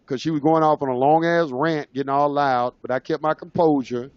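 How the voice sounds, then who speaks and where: A man's voice: fairly high pitch, fairly even intonation, a little fast, hardly any pauses, clean tone, highs cut off. Man telling a story, rambling and casual. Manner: rambling, informal, with many fillers and restarts. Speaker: speaker sharing his own experience.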